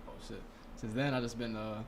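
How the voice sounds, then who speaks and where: Young guy rapping about his music, talks real quick, loose slangy, noisy background. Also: lowish voice, flat delivery. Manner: laid-back slangy storytelling, heavy swearing. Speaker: podcast guest, rapper. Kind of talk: casual chat.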